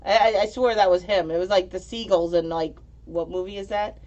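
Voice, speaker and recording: A woman's voice: lowish voice, fairly even intonation, brisk, dark tone, dull audio. Woman, livestream host, casual chat, giggly, rambling, stumbles on words, home mic.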